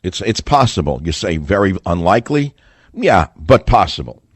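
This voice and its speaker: A man's voice: sits low, sing-song, normal speed, husky, dry recording. A man hosting a talk radio monologue, combative and sarcastic, speaking with heavy emphasis into a close studio mic. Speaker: radio talk show host.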